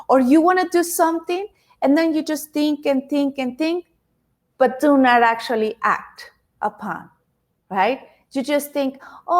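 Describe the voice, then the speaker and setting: A woman in her thirties whose first language is not English, giving a chatty motivational talk that speaks straight to her audience and often repeats its words. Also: fairly high pitch.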